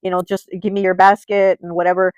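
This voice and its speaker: A woman's voice: medium pitch, level tone, fast talker, a little mellow, smooth, no room sound, low-quality recording. A woman reading tarot cards in a casual way and retelling a story loosely, with many fillers. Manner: chatty, loose retelling full of "like" and "you know". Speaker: tarot reader.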